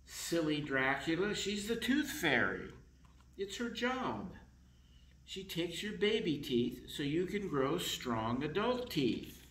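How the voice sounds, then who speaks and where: A man voicing kindly vampire parents who gently reassure their son. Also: a little high, sing-song, slow pace, reverberant, a little hiss or hum, pitched above the performer's own voice, heavily acted. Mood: gentle.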